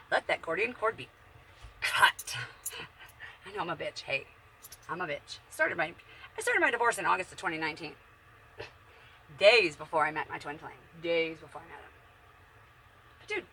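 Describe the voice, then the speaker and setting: A woman's voice: fairly low pitch, bright, forceful tone, a little hiss or hum. A woman in her forties, chatting bluntly and profanely from her bedroom in a casual, rambling monologue. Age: 40s. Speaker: vlogger.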